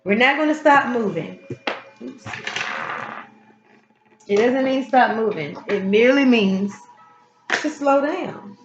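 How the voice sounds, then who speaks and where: A woman's voice: fairly high pitch, expressive, slow pace, long pauses. A woman giving a casual spiritual tarot reading, speaking frankly and emphatically and often repeating her key phrases. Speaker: tarot reader. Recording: roomy, slightly dull sound with music behind. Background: background music.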